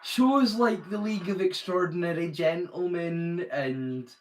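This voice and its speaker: A man's voice: sits high, measured pace. A man from the UK hosting a live watch-along in a rambling, casual chat, swearing freely. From United Kingdom.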